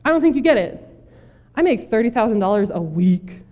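A woman playing a calm, smug rich man. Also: fairly high pitch, a little fast, highs cut off. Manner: calm, matter-of-fact. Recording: long church reverb.

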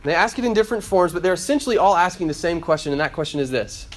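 A man's voice: high voice, expressive, quick pace. A man in his thirties preaching a conversational sermon to a student group, often repeating phrases. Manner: conversational, repeats himself, acts out quoted voices. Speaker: campus ministry preacher.

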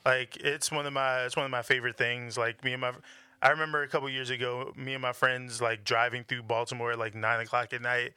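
Bright-voiced laid-back young man. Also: medium pitch, a little fast, smooth, no room sound, studio quality. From Washington DC area. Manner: relaxed, laid-back, says "like" often. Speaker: podcast guest. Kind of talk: casual chat.

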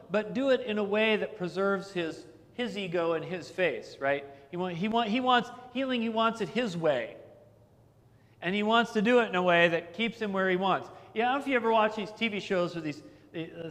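With a high-sitting, fairly bright voice, a middle-aged man preaches as pastor in a chatty, conversational way. He builds his points through anecdotes and repetition, and the recording carries long hall reverb.

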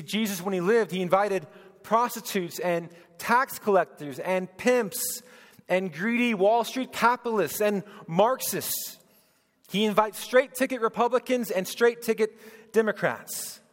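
A man preaching a sermon as pastor, swinging between loud proclaiming and hushed, tender speech. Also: sits high. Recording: long hall reverb.

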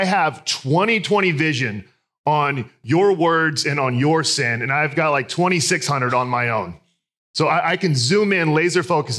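A man's voice: mid-range voice, a bit bright. A man in his thirties preaching a sermon, telling candid, self-deprecating personal stories. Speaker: pastor.

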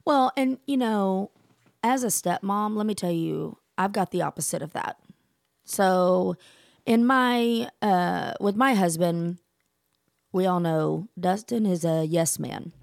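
A woman in her forties co-hosting a podcast, telling stories in an emphatic, animated way. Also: fairly low pitch, slow pace, gravelly, no room sound, studio quality. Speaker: podcast co-host. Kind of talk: casual chat.

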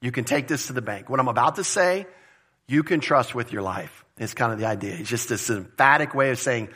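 A pastor preaching a conversational, emphatic sermon, repeating phrases for stress. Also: male voice, mid-range voice, fairly quick, pushed and bright, breathy edge. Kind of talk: expository sermon.

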